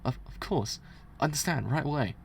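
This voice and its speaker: A nervous young prison guard stammers politely, trying to soothe someone, as a man puts him on while reading a manga aloud. The voice sits low and soft, with a gravelly grain. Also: animated, moderate pace, a little hiss or hum. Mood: placating.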